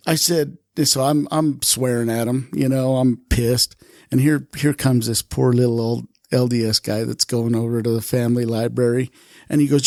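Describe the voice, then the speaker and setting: Animated storytelling man, dry close sound. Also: medium pitch, moderate pace, no echo. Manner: animated, swears freely, acts out quoted lines. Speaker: retired police officer, podcast guest. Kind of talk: casual storytelling.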